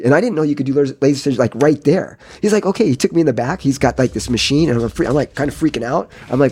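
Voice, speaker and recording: A man in his fifties, a gym owner, telling animated stories in casual podcast chat and acting out the voices of people he quotes. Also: medium pitch, racing, hardly any pauses, slightly rough. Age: 50s. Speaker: jiu-jitsu gym owner and guest.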